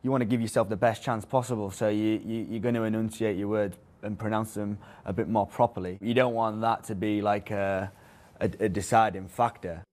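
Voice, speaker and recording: Young man, lowish, casual and hesitant. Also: fairly even intonation, brisk, darkish tone. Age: young adult.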